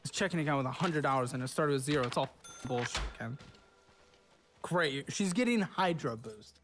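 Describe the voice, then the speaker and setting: A man's voice: medium pitch, animated, normal speed, a bit bright, soft background music. A man hosting from a studio, harshly berating a guest over her spending in a profane, scornful tirade. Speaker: host. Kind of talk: berating financial review.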